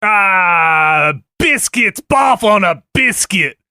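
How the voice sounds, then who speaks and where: A man putting on an exaggerated Australian bloke voice, with loud exclamations and drawn-out, high-pitched delivery. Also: huge pitch swings, slightly rough, dry recording, clean studio sound, full character voice. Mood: boisterous. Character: brash boisterous fake-Australian bloke.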